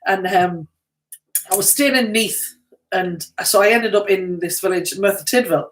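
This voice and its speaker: A woman co-hosting a casual live stream, telling stories in a lively way and laughing often. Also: medium pitch, unhurried, reverberant, poor audio. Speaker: co-host. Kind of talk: casual live chat, storytelling.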